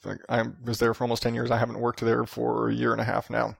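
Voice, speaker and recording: Gravelly, profane man ranting on a podcast. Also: medium pitch, monotone, fast talker, no echo, studio quality. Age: 30s. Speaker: podcast host. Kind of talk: solo podcast rant.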